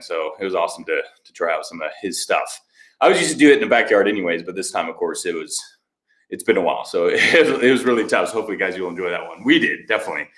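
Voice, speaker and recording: Broadcasting a fitness stream from his echoey home workout room, a man with a lowish, somewhat bright voice keeps things upbeat and relaxed. He welcomes viewers by name and reads out what they comment.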